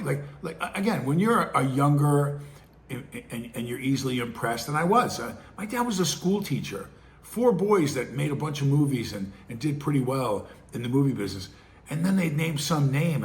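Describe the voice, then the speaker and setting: A man's voice: medium pitch, lively intonation, moderate pace. Rambling middle-aged man, faint hiss. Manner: rambling, conversational, with restarts and acted-out quotes. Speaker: podcast host. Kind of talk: casual commentary.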